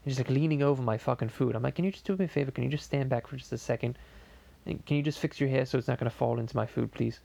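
A man playing Stewie as a foul-mouthed podcast host who rants in a gravelly voice. His speech is rambling and full of stammered restarts. His pitch sits in an ordinary male middle range. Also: very fast, mellow. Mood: ranting. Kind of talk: comedic podcast monologue.

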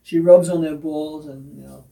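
Man, high voice, joking co-host, crude one-liners, distant mic. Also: steady tone, moderate pace, creaky, mellow. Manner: wisecracking, chimes in with crude punchlines. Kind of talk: joking talk show banter.

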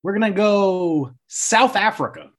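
Male host, high and animated, wry joking questions over a video call. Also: measured pace. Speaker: podcast host. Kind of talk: casual group chat.

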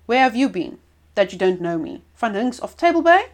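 Storybook pirate, older man, gruff and boastful; woman reader doing the voice. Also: fairly high pitch, sing-song, moderate pace.

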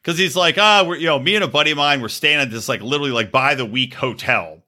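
A male podcast co-host tells a crude story in profane, casual chat, laughing often and acting out the people he quotes with shifting voices. He's animated, with a mid-range voice and a quick pace.

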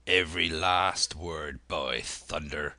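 A gruff, crafty old one-legged pirate, voiced by a male narrator, growling threats in a very low voice at a slow pace. The reading has a bright, sharp edge and sounds dry and close, as in an audiobook. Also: no echo, full character voice. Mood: defiant. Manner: threatening, rough seafaring talk. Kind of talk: audiobook character voice.

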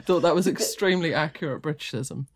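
A woman, chatting frankly and quick to laugh as a podcast host. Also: sits low, breathy edge. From England. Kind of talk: casual chat.

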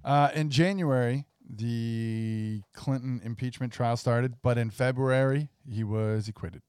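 A man's voice: medium pitch, steady tone, measured pace, darkish tone, clean tone, dry recording, studio quality. A man co-hosting a casual podcast who reads out news items and laughs along with the jokes. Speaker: podcast co-host.

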